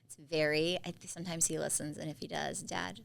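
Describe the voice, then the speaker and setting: A woman co-hosting a podcast, chatting casually and telling animated stories. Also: low-pitched, brisk, vocal fry. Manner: chatty storyteller, animated quotes. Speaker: podcast co-host. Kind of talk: casual chat.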